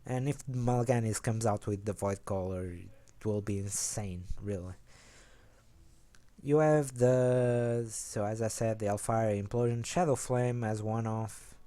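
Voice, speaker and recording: Young male host, low-key and rambling, slightly low mellow voice. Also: unhurried. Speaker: host of a card game deck video. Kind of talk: casual rambling explanation.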